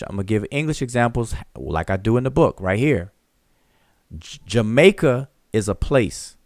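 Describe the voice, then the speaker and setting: A man's voice: mid-range voice, no echo, studio quality. A man hosting a live open discussion and teaching, who is emphatic, repeats his points to drive them home, and explains step by step with examples. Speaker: teacher and channel host.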